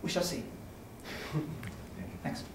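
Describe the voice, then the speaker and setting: Captured from afar in a very echoey lecture room, the audio is very noisy as a man slowly gives a conversational mathematics seminar. He keeps checking in with listeners by saying "okay?" and "right?".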